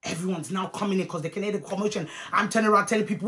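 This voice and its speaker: A young woman telling a storytime vlog, animated and profane, swinging between loud and hushed. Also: mid-range voice, racing, few pauses. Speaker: vlogger.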